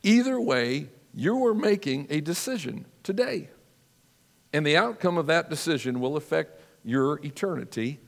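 A man preaching a sermon as a pastor, earnest and measured, telling stories with drama. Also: a little high, lively intonation, gravelly, long reverb tail.

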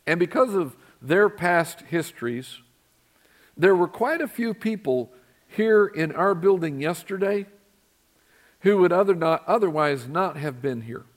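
A man's voice: high-pitched, expressive, measured pace. Conversational man preaching a sermon. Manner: conversational, asks the congregation questions. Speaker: pastor. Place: church sanctuary.

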